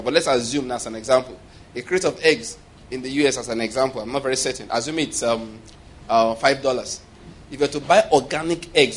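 A man's voice: medium pitch, a little hiss or hum. A man preaching a sermon with humor, often laughing and calling for responses from the congregation.

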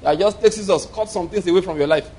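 A man's voice: sits high, quick pace, mellow, breathy edge. A man preaching a sermon, telling a story with frequent chuckles and repeated words.

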